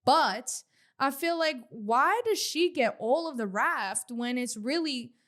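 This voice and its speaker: An opinionated woman co-hosting a gossip podcast, chatting casually about a reality show. Her voice sits a little high, and she swears freely while arguing her side. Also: lively intonation, slow pace, fairly bright tone. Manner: opinionated, profane, mimics others mockingly. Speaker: podcast co-host.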